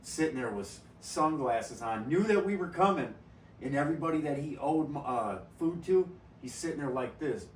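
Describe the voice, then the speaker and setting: A man's voice: a little high, expressive, moderate pace, distant mic, slight background noise. Profane, laughing man telling stories. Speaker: podcast host. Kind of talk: casual storytelling chat. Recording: roomy echo from off-mic, faint ambience.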